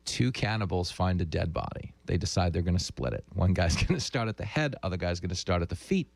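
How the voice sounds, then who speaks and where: A male talk radio host in a loose, joking chat, laughing as he goes. His low voice rises and falls freely, and the studio sound is dry and close. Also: animated, fast, gravelly, hardly any pauses, no echo. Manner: jokey, laughs often, tells jokes with put-on voices. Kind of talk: casual chat.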